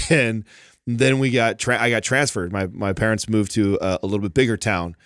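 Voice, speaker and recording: A man co-hosting a casual chat, telling stories in an animated way, full of "like" and "bro". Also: on the low side, moderate pace, smooth, dry recording, clean studio sound. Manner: animated storytelling, frequent "like" and "bro". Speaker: podcast co-host.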